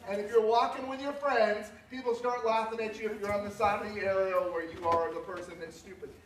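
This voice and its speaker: A middle-aged man preaching a sermon as pastor, swinging from easy storytelling up to loud, high, rousing peaks. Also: steady tone, a little fast. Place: church sanctuary. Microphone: cellphone from a distance. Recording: echoey cellphone livestream from far off.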